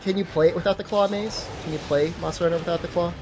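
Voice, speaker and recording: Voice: medium pitch, fairly even intonation, fast, music in the background. A co-host bantering over gameplay in a teasing, jokey manner. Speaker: podcast co-host.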